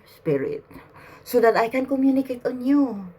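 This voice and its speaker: A woman addressing spirits aloud on camera, emotional and halting, laughing and close to tears as she speaks. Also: a little high, expressive, dark tone, slightly rough. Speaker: spiritual channeler.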